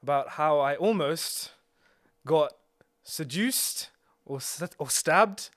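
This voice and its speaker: A man's voice: a little high, animated, takes it slowly, fairly bright tone. A young man casually telling a story on a couch, rambling with lots of fillers and restarts. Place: indoors on a couch.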